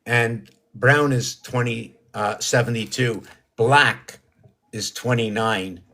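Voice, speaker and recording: A man's voice: mid-range voice, steady tone, slow pace, sharp tone. A man hosting a solo livestream, musing in a rambling, meandering way about numbers and hidden meanings. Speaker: livestream host.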